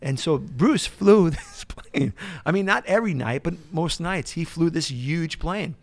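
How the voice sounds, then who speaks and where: Middle-aged New York man, gravelly, excitable anecdote-teller, dry booth. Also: on the high side, measured pace, no echo. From United States. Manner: animated, excitable storyteller. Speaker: guest musician. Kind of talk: storytelling in casual chat.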